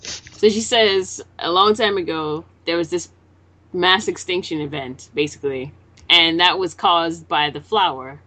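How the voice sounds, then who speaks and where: A woman's voice: fairly low pitch, measured pace, bright, forceful tone. A woman in a casual podcast chat, recapping a manga chapter and acting out the characters' lines as she swears casually. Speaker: podcast co-host.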